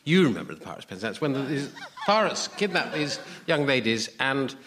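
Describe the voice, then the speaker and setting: A man's voice: medium pitch, sing-song, a little fast, crowd noise. A man on a comedy panel, telling a story with theatrical asides. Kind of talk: comic panel banter.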